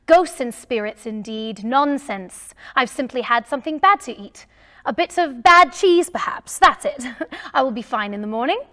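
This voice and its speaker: A woman's voice: high voice, very animated, takes it slowly, long pauses, voice pushed up, exaggerated voice. A woman voicing a grumpy, miserly old man who grumbles and barks at everyone in a storybook read-aloud. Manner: loud, grumbling, barking outbursts.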